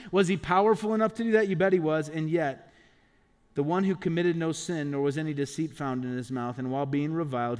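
Man, pastor, sermon, slightly high-pitched, emphatic, rhetorical questions. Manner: emphatic preaching with rhetorical questions and acted-out quotes.

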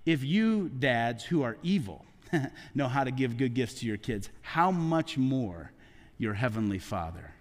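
A man in his forties preaching a heartfelt sermon, often dropping to soft, hushed tones for emphasis. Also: mid-range voice, lively intonation, a little slow, long reverb tail. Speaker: pastor. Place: church sanctuary.

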